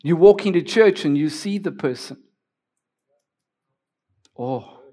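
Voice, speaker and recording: A man's voice: high-pitched, moderate pace, warm tone. A middle-aged male pastor preaching a personal, emotional sermon, often restarting his sentences.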